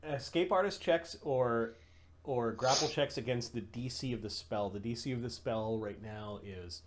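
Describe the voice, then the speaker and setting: A man's voice: mid-range voice, normal speed. A man running a tabletop game as game master, describing scenes in a loose, casual way. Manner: descriptive, loose, laughing narration.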